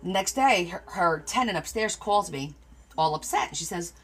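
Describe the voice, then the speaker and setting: A woman's voice: on the low side, lively intonation, a little slow, a bit bright, faint music behind. A middle-aged woman hosting a crafting livestream, chatting casually with viewers and answering their comments as she tells stories. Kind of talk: casual chat with live viewers.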